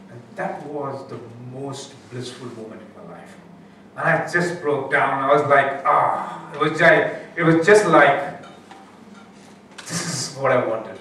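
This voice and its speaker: A middle-aged man giving a talk at a spiritual retreat, telling a personal story with animated delivery, frequent laughs and many restarts. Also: medium pitch, measured pace, background noise. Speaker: guest speaker. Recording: echoey room, mic far off.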